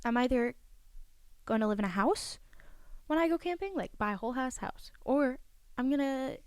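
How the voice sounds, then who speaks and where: A teenage girl hosting a casual podcast, chatty and teasing, with quick reactions. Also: high-pitched, expressive, clear, resonant tone, no echo, studio quality. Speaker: podcast host. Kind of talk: casual chat.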